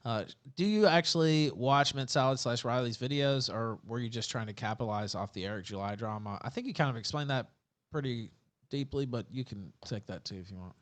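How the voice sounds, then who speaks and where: A man's voice: mid-range voice, fairly quick. A man hosting a livestream in a loose, casual way, reading viewer questions aloud with plenty of filler.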